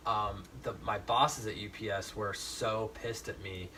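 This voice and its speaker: A man hosting a casual podcast chat, his voice bright and forward. He tells stories frankly, swears freely and restarts his sentences often. He sits a little way back from the microphone. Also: lowish voice, fairly even intonation, measured pace, far from the mic, a little hiss or hum. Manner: frank, profane storytelling with many restarts. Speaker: podcast host.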